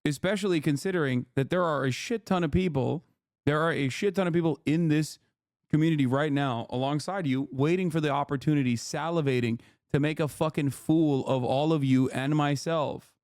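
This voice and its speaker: A man's voice: fairly high pitch, a little fast, a little mellow, no echo, studio quality. A man hosting a livestream, lecturing his chat in an exasperated, profane rant. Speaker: livestream host.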